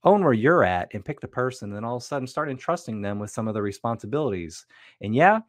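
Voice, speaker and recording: A man's voice: mid-range voice, expressive, fast talker, no room sound, clean studio sound. A man co-hosting a casual business talk, speaking in a reflective coaching way with frequent restarts. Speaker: podcast co-host.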